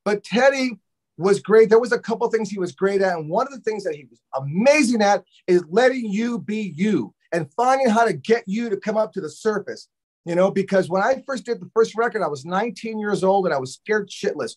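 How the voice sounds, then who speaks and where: A man from Los Angeles, a drummer guest on a talk show, telling a long story in a loose, animated way, cursing often and acting out what people said. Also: high voice, brisk. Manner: animated, profane, acts out quotes. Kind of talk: casual storytelling interview.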